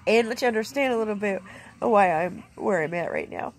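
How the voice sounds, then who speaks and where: A woman's voice: mid-range voice, animated, fairly quick. A middle-aged woman vlogger speaking candidly and emotionally in a plainspoken, heartfelt way from inside a camper. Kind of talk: candid personal vlog.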